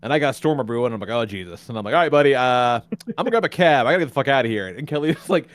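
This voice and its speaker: Animated man telling a story. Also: very fast, dry recording. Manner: animated, acts out quotes with big pitch jumps, laughs often. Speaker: podcast host. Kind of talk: casual storytelling chat.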